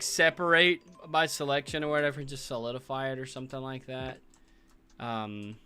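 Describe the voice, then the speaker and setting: A man's voice: medium pitch, pushed and bright. A man hosting a livestream, casually talking through his work, thinking aloud with fillers and chuckles. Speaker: livestream host building a game world. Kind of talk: casual livestream commentary while working.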